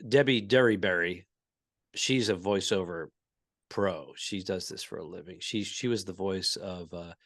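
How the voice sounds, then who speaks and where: Gravelly low guy cohosting a comedy podcast, laid back rambling stories, dry mic. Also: unhurried, dry recording. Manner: relaxed, rambling anecdotes, trails off quietly. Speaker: podcast co-host, comedian and voice actor. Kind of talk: casual comedy podcast chat.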